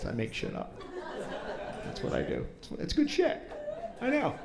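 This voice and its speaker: A man's voice: very high-pitched, huge pitch swings, normal speed, creaky. A man doing a crude, teasing stand-up set with crowd work, with a hint of New in his speech. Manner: brash, crude, teasing the audience. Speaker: stand-up comedian. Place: comedy club stage before a laughing crowd.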